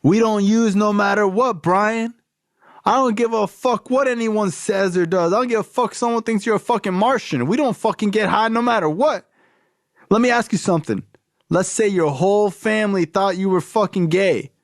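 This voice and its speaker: A man's voice: high-pitched, normal speed, dry recording, studio quality, pitched above the performer's own voice. A man voicing his blunt, tough-love recovery sponsor, fierce and profane.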